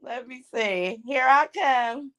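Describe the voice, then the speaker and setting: A woman's voice: high voice, slow pace, fairly bright tone, no room sound, muffled recording. A woman hosting a casual livestream from her phone at home, chatting and greeting viewers one by one by name with pet names. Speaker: livestream host.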